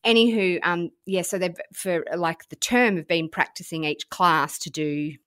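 An Australian woman in her thirties co-hosting a podcast, telling stories in a chatty, animated way with casual swearing. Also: on the low side, unhurried, smooth, no room sound, studio quality. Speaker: podcast co-host. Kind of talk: casual chat.

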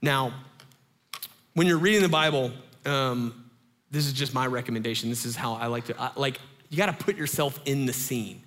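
Animated young dad preaching in a big hall. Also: male voice, mid-range voice, moderate pace. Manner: animated, conversational storytelling with lots of fillers. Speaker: pastor. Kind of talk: sermon.

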